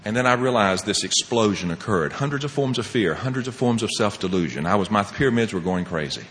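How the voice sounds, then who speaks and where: A man sharing his personal recovery story as a speaker at a meeting, animated and laughing often, swinging between loud and hushed. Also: lowish voice, fairly quick, big-room sound, a little hiss or hum.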